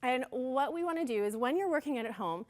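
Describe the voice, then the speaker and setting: A woman's voice: sits high, expressive, quick pace. A woman personal trainer talking through an at-home workout, upbeat and coaching as she counts out the moves. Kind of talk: casual fitness demonstration.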